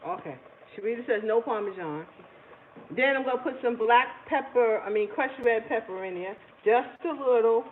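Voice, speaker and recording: Chatting with viewers and laughing often, a cooking channel host runs a casual home cooking livestream from her kitchen. Her voice is fairly high and moves at a normal speed. The audio sounds tinny and phone-like, with faint background noise.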